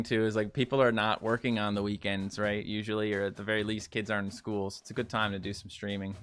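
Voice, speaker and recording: Playing a mobile game on stream, a young man with a lowish, slightly bright voice answers viewers' comments in loose chatter. He urges the game on, repeating brief phrases.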